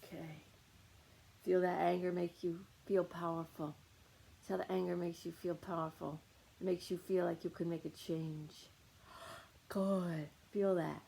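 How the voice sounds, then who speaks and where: A woman's voice: fairly low pitch, little pitch movement, unhurried, gravelly, mellow, a little hiss or hum, low-quality recording. A woman leading a guided meditation on anger, coaching listeners with short repeated commands.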